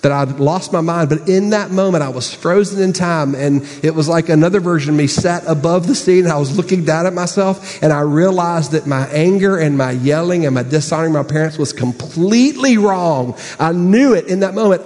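A man preaching a sermon, telling a story with sudden high bursts and hushed asides. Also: normal speed, few pauses, in a large hall. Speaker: pastor.

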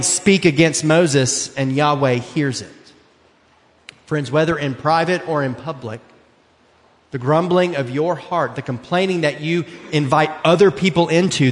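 A man in his thirties preaching a sermon in a church, earnest and conversational, slowing down to stress key words. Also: on the high side. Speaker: pastor. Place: church sanctuary. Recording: long hall reverb.

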